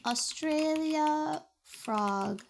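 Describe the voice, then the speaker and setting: A woman's voice: high-pitched, very slow, vocal fry, a little hiss or hum. A young woman chatting playfully with her viewers on a live stream, giggling often. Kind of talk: casual live-stream chat.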